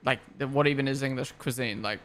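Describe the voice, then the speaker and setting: A man's voice: medium pitch, fairly even intonation, fast talker, a bit bright. Young man ranting on stream. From Australia and New Zealand. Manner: rambling, opinionated, swears freely. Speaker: streamer hosting a race watchalong. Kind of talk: casual live-stream chat. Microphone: gaming headset.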